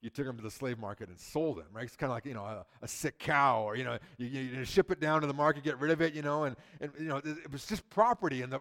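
A man preaching in a conversational way, often repeating words and acting out the lines of the story he explains. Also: medium pitch. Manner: acts out quotes from the story. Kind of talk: sermon.

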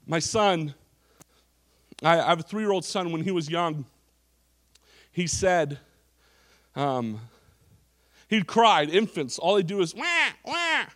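A man's voice: fairly high pitch, slow, pauses often, a bit bright. A male pastor preaching a sermon in a church service, emphatic, with frequent restarts and repeated phrases.

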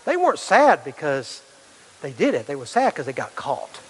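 A man's voice: fairly high pitch, wildly swooping pitch, moderate pace, slight background noise. A middle-aged male pastor preaching a sermon, earnest, full of rhetorical questions and restarts. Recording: long hall reverb.

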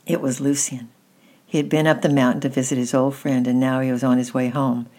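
A woman gently reading a children's story aloud at an unhurried pace. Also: extremely low pitch, level tone.

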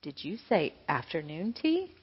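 A woman's voice: on the low side, big pitch swings, measured pace, breathy edge, pitched below the performer's own voice, exaggerated voice. A woman doing a grumpy fussy king. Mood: pleased. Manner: petulant complaining. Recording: echoey hall, dull lo-fi sound.

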